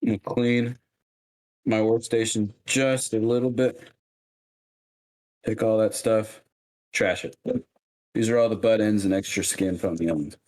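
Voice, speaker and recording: Man, deep-ish voice, casual streamer, unhurried jokey cooking chat, in a kitchen. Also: fairly even intonation, a little mellow. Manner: joking, self-mocking, unhurried. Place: home kitchen.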